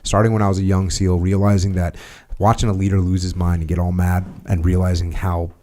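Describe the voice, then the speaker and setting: This American man, once a Navy SEAL leader, discusses leadership on a podcast with a calm, matter-of-fact delivery and relaxed fillers. He speaks in a low register at a brisk clip.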